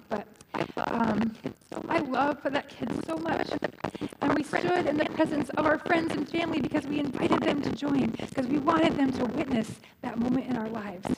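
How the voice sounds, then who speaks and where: A middle-aged woman pastor preaching a sermon in a conversational way, restarting phrases and adding humorous asides. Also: high-pitched. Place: church. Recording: loud background noise.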